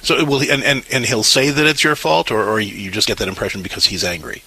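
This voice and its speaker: A man hosting a call-in advice show, calmly explaining to a caller and often repeating words as he starts a sentence. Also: fairly low pitch, fast, breathy edge, poor audio. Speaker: radio advice show host.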